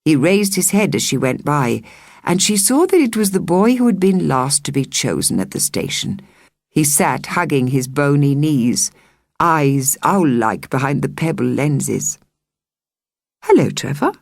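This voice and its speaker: A woman reading a children's novel aloud as an audiobook narrator, measured and expressive. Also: sits low, creaky, dry recording, studio quality. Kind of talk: scripted narration.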